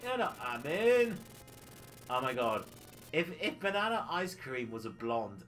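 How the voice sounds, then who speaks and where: A man chatting on a game livestream in a bright, sharp voice that swoops up and down as he rambles. He giggles through cheeky banter at an unhurried pace, with faint game music behind him. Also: mid-range voice, very animated. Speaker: retro game streamer. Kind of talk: casual livestream chat while playing.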